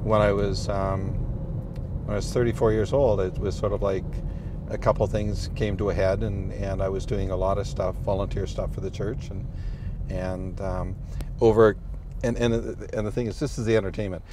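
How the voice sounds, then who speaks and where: Low-voiced middle-aged priest telling stories. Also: male voice, little pitch movement, normal speed. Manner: rambling, many restarts and "you know"s, good-humored. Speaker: priest, interview guest. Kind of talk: casual storytelling chat. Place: inside a moving car. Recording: road noise in a moving car.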